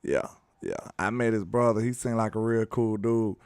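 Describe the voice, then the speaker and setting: A man's voice: fairly low pitch, normal speed, a little mellow, clear, resonant tone, no echo, clean studio sound. A young man hosting a casual sports chat, laid-back, laughing often and using dialect slang. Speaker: sports show host.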